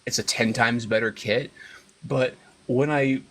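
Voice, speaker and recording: Give me a man in a casual interview who tells stories with a lot of energy. He laughs often, his pitch leaps when something amuses him, and he has a plain, mid-pitched everyday voice. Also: a little slow. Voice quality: animated storyteller, laughs often and jumps in pitch. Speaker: guest, cookbook author.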